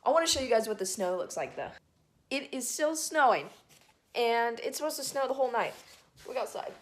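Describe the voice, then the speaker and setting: A young woman in her late teens from Atlanta, vlogging casually and excitably as she talks to her camera, often giggling. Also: a little high, a little fast, dry recording. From Atlanta, Georgia. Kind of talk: casual vlog. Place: outdoors in snow and in a car.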